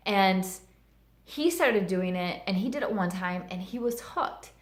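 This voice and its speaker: A woman's voice: mid-range voice, animated, measured pace, echoey room. A woman in her thirties telling a personal story in a vlog, earnest and heartfelt, with lots of "like". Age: 30s. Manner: earnest and heartfelt, many fillers of "like". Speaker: vlogger.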